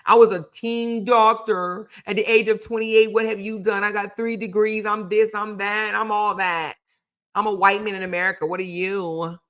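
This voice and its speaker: A woman's voice: medium pitch, level tone, normal speed, a bit bright, natural voice. A woman mimicking an arrogant, boastful man who taunts and talks down to people. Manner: bragging, taunting, mocking.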